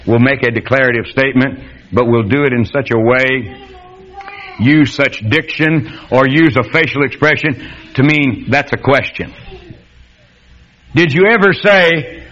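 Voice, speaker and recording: A man preaching a sermon, animated and acting out quoted voices. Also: a little slow, long pauses, muffled recording. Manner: animated, acts out quoted voices with sudden high pitch.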